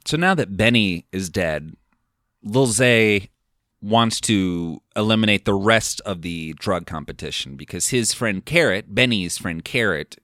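Man, deep low voice, casual film recap, rambling, lots of fillers, dry close sound. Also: expressive, measured pace, a bit bright, dry recording. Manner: rambling, filler-heavy retelling with quoted lines. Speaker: podcast host.

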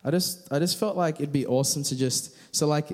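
A man's voice: fairly high pitch, a little fast, darkish tone. A man preaching a casual, conversational sermon with frequent restarts and fillers.

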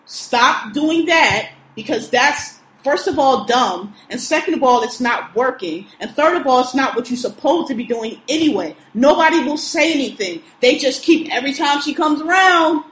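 High-voiced woman ranting profanely. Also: animated, moderate pace, a bit bright, slight background noise. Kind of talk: casual chat, venting. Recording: echoey room.

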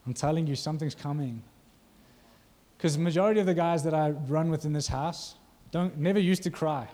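A man's voice: fairly high pitch, fairly quick, dark tone. A male preacher giving a conversational sermon, often asking the congregation questions.

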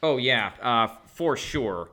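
A young man tells a story on a podcast, one step at a time. His voice has a bright, forward edge. Its pitch is ordinary, and he stays steady and conversational. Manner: measured, narrating step by step. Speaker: podcast co-host. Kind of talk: casual storytelling.

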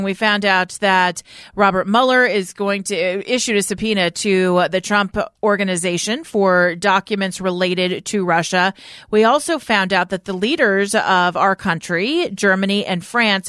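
A woman's voice: mid-range voice, a bit bright, clear, resonant tone, no room sound, clean studio sound. A woman co-hosting a talk radio show, running through news headlines in a conversational way with casual asides. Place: radio studio.

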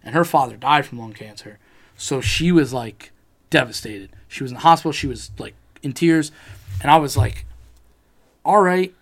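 A man's voice: medium pitch, normal speed. A man in casual chat, telling a rambling personal story, swearing freely and acting out what people said.

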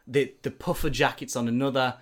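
A man's voice: medium pitch, steady tone, fairly quick. A man animatedly telling a story in casual chat, with lots of filler words.

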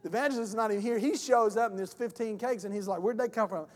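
A man's voice: high-pitched, racing, in a large hall. A man pastor preaching a sermon in a folksy way, acting out voices in his stories, in a church sanctuary.

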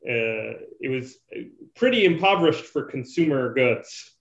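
A man's voice: mid-range voice, lively intonation, unhurried. Male writer guest from rural Canada, rambling delivery, echoey, muffled audio. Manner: rambling, lots of likes and ums. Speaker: comic book writer, guest. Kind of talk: casual podcast interview.

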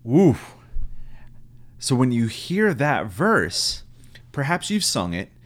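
A man's voice: medium pitch, big pitch swings, slow. A man who trained as a pastor, hosting a casual solo talk about a hymn in a chatty, enthusiastic way. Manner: chatty and enthusiastic, laughs at himself. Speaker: podcast host, trained pastor.

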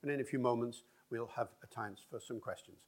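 A man's voice: medium pitch, a little fast, heavy background noise. A man giving a public lecture on language, acting out speech rhythms as he talks. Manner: demonstrates speech rhythms aloud.

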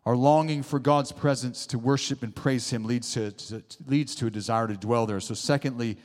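A man's voice: mid-range voice, steady tone, moderate pace, few pauses, darkish tone. A man preaching a sermon in a church, emphatic, with rising exclamations and call-and-response asides to the congregation. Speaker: pastor. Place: church sanctuary. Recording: long hall reverb.

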